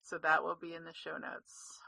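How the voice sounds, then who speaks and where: A woman's voice: low-pitched, completely flat delivery, moderate pace, creaky, sharp tone, husky. A woman co-hosting a gaming podcast, chatty and giggly, often trailing off mid-sentence. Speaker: podcast co-host. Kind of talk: casual chat.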